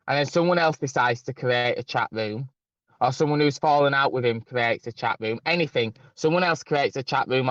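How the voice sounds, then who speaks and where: A man's voice: medium pitch, fairly bright tone, dry recording. A man in casual chat who talks with animation, swearing and mimicking others in a raised voice. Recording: dry, dull lo-fi sound.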